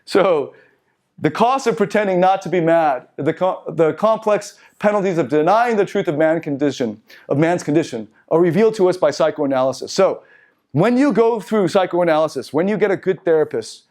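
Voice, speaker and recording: A man's voice: fairly high pitch, expressive, normal speed, darkish tone. A man teaching a seminar, reading passages aloud and then riffing on them casually with asides. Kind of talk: lecturing from slides to a group. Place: meeting room.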